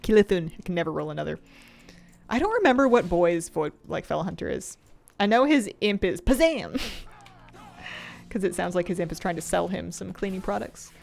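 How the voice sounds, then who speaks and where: A woman's voice: lowish voice, lively intonation, normal speed, creaky, a little mellow. A woman streaming a game, chatting casually in a rambling, playful way, laughing often and answering chat.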